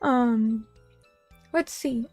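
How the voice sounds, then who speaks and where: High-voiced chatty young woman streamer. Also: extremely slow, a little mellow, no room sound, soft background music. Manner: chatty, rambling, self-deprecating. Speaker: vtuber streamer. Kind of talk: casual chat reading stream comments. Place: small room at a little table.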